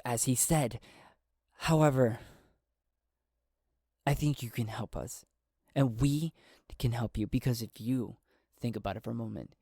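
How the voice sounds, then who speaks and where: A man narrating a solo tabletop game and voicing a calm, persuasive male rebel who negotiates diplomatically. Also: medium pitch, no room sound, clean studio sound, natural voice. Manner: measured, diplomatic.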